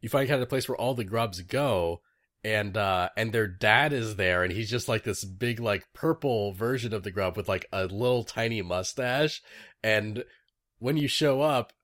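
A man's voice: fairly low pitch, moderate pace, a bit bright, dry recording, clean studio sound. A man chatting casually about a video game, rambling with many fillers and enthusiasm.

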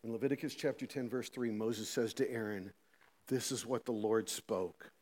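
Middle-aged pastor preaching in a reverberant church. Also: male voice, medium pitch, moderate pace. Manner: animated, swinging between loud emphasis and quiet asides, many rhetorical questions. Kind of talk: sermon. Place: church sanctuary. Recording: long reverb of a church hall.

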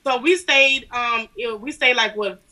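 Young Southern woman, interview guest, bubbly and laughing, higher bright voice. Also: normal speed, rough recording. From Alabama. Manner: lively, laughing storyteller. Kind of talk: casual interview chat.

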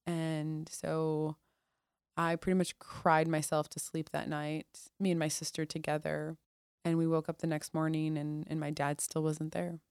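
A woman with a somewhat low voice tells her personal story to an interviewer in a candid, conversational way. She restarts her sentences and often drops soft and quiet. Her voice sounds close and dry, with no room echo. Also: little pitch movement, unhurried, clear, resonant tone. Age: adult. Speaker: podcast guest, Air Force officer.

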